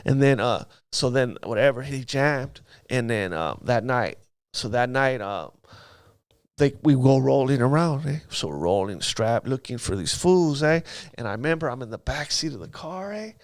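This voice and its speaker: A man's voice: medium pitch, lively intonation, moderate pace, dry recording. A man telling his life story in a casual interview, using street slang and acting out sounds.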